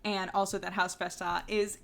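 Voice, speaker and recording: A woman with a New Jersey accent chats casually during a tabletop game stream. She rambles, fills pauses with ums and laughs often. Faint music plays underneath her voice. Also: mid-range voice, flat delivery, gravelly, a bit bright. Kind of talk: casual chat.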